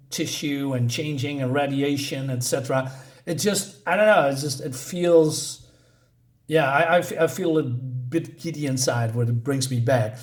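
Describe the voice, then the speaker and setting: Rambling man reviewing a comic. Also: medium pitch. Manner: rambling, hesitant, many fillers; chuckles between points. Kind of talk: casual spoken review.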